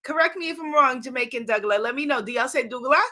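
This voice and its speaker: High bright-voiced woman hosting a live stream. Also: quick pace. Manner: warm exclaiming, greets viewers by name, laughs often. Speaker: host of a livestream spiritual talk. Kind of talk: casual live-stream talk greeting viewers. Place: at home in New York City.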